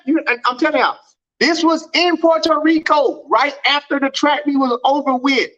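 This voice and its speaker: A man hosting a casual livestream from home, telling a story and acting out quoted dialogue with big pitch swings. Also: normal speed, pushed and bright, highs cut off. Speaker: track and field livestream host.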